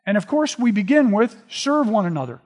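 A man preaching a sermon, retelling scripture in a relaxed, conversational storytelling way. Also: high-pitched, fairly quick, breathy edge. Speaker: pastor. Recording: long reverb of a large hall.

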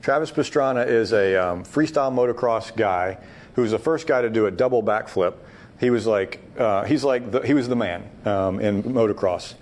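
Leading a Bible study discussion, a man talks at normal speed in a lowish, slightly mellow voice. He's emphatic, thinking out loud with frequent restarts as he teaches.

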